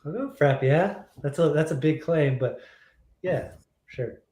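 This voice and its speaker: Male podcast guest, slightly high voice, short easygoing remarks, echoey room. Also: expressive, unhurried, warm tone. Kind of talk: casual podcast chat. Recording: roomy, echoey remote mic.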